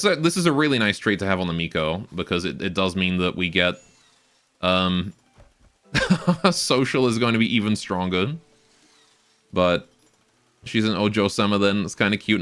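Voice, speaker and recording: A man's voice: fairly low pitch, normal speed, fairly bright tone, clean tone. Rambling, joking male game streamer. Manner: rambling, joking, laughs often. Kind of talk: casual live gameplay commentary. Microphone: cheap stage mic close up.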